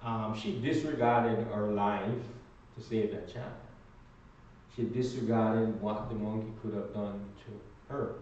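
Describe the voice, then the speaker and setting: Man, Bible class teacher, unhurried and emphatic, asks the room to fill in the blanks; boomy room, distant mic. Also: a little mellow, a little hiss or hum. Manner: prompts the class to finish his sentences; slow, emphatic delivery. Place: church classroom. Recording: echoey room from far off, dull.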